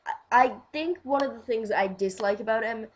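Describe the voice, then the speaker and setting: A woman's voice: on the high side, moderate pace. A young woman talking casually as a fan video host, rambling, giggling and restarting her sentences.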